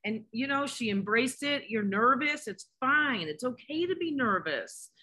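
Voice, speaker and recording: A woman's voice: sits high, expressive, unhurried, pushed and bright. Heartfelt middle-aged mother on a call. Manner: heartfelt, fighting tears. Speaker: patient's mother. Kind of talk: emotional thank-you on a call. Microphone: video call.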